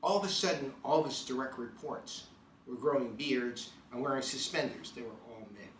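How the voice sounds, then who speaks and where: A man's voice: mid-range voice, moderate pace, slight background noise. A man giving a motivational leadership talk to camera, telling stories and stressing key words. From New York. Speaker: leadership speaker. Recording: echoey room, mic at a distance.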